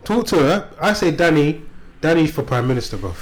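A man co-hosts a casual podcast chat. He talks in blunt, slangy banter. His fairly high voice swings widely up and down. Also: big pitch swings, fairly quick. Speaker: podcast co-host. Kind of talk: casual chat about reality TV.

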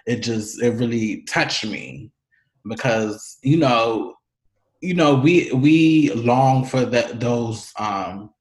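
A podcast host, a man who talks very slowly and hesitantly, filling his pauses with ums. His voice carries a roomy echo. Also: mid-range voice, expressive. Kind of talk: casual chat.

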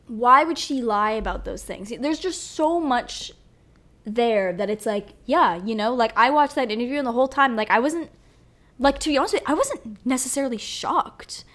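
A woman's voice: fairly high pitch, moderate pace. Ranting young woman podcast host. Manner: profane, animated, rambling. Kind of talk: solo podcast rant.

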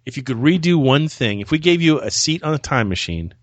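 A man hosts a relaxed podcast chat, easygoing and a bit rambling. He often restarts his sentences with repeated words. His voice sits in an ordinary middle pitch, recorded close and dry. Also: a little fast, no room sound. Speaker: podcast host.

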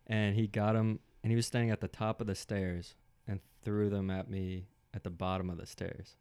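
A man's voice: on the low side, little pitch movement, moderate pace, darkish tone, clean tone, dry recording. A young man telling a story in an easygoing, plainspoken way on a podcast. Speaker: podcast co-host. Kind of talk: casual chat.

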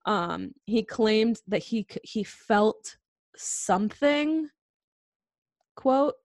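A woman's voice: fairly high pitch, expressive, extremely slow, no room sound, clean studio sound. Woman telling a spooky story casually. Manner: laid-back storytelling with fillers and swearing, laughs easily. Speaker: podcast co-host telling a true-crime story.

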